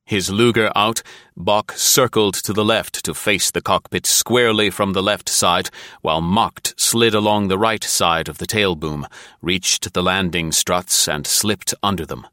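A man narrating an audiobook in a steady, measured reading voice. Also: low voice, no room sound, clean studio sound.

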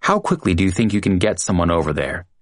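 A man voicing a calm male crime boss who asks businesslike questions. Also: low voice, quick pace, dry recording, studio quality.

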